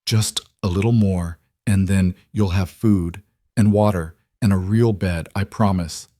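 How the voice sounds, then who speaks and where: A man's voice: low voice, fairly even intonation, unhurried, mellow, no room sound, clean studio sound. A man voicing a desperate young frontier mother, frightened and tender, with a pleading voice that keeps breaking. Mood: soothing.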